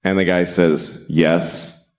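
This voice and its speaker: A man's voice: mid-range voice, sing-song, normal speed. A middle-aged man doing stand-up comedy in a sarcastic, profane way, slipping into mocking voices.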